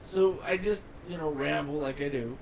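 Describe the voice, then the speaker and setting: A man's voice: on the high side, normal speed, creaky, a little hiss or hum, poor audio. A man in casual podcast chat, blunt and profane, musing on life and parenthood. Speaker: podcast co-host.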